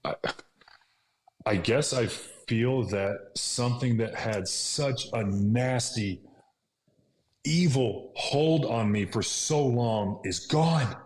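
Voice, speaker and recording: A man's voice: mid-range voice, takes it slowly, darkish tone. A man in his thirties, a podcast guest, earnestly retelling a personal story and dropping into whispers for remembered thoughts. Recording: echoey room with faint noise.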